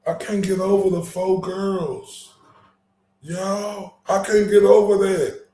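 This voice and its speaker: A man rants through an angry, profanity-laced commentary, stumbling over restarts as his temper runs high. His voice sits a bit high and moves slowly and deliberately. The sound bounces around a roomy, echoey space. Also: level tone, dark tone. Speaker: commentary channel host. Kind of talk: heated casual commentary.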